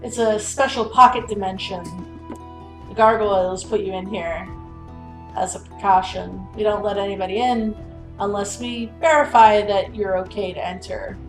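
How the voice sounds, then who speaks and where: A woman's voice: medium pitch, steady tone, moderate pace, reverberant, soft background music, close to an everyday voice, rough recording. A woman voicing a buff half-orc ranger who hunts the undead, speaking bluntly. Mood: matter-of-fact.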